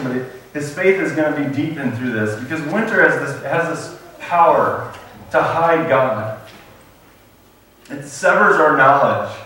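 A man's voice: on the high side, fairly bright tone, a little hiss or hum. Male pastor, conversational sermon with scripture reading, recorded distant in a reverberant sanctuary. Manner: conversational preaching with fillers, reads scripture aloud. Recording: very echoey room, mic far off.

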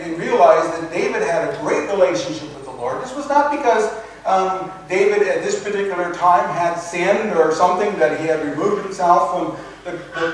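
A man preaching a sermon, earnest and halting, often repeating words and slowing to stress scripture. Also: high-pitched. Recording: echoey room from a distant mic with faint noise.

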